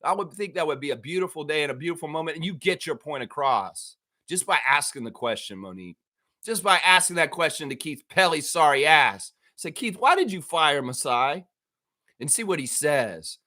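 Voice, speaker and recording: A man hosting a casual daily fan livestream, talking excitedly, swearing and acting out bits of dialogue. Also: on the high side, normal speed.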